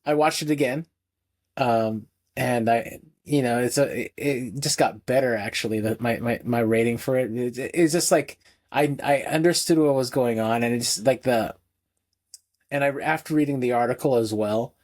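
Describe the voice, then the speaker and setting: A man's voice: medium pitch, normal speed, a little mellow. Rambling man on a film podcast. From United States. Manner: rambling, many restarts, laughs often. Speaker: podcast co-host. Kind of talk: casual film review chat.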